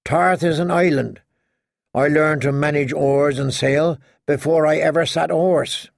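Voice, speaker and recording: A man's voice: fairly high pitch, steady tone, measured pace, creaky, dry recording, studio quality. A man voicing a stern, earnest woman knight in a stiff, formal way.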